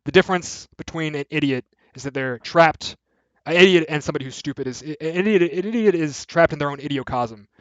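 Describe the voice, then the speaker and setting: Young man, slightly high voice, rambling commentary, dry dull recording. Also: brisk, a bit bright, no echo. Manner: rambling, filler-heavy, profane, laughing often. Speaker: video essay host. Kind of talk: casual ranking commentary.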